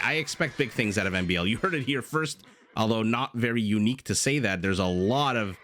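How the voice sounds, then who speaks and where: A married man casting a strategy video game match as a commentator, lively and jokey, with rambling asides and sudden gasps. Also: on the low side. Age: adult, married with a young child. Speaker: game caster. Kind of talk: esports commentary.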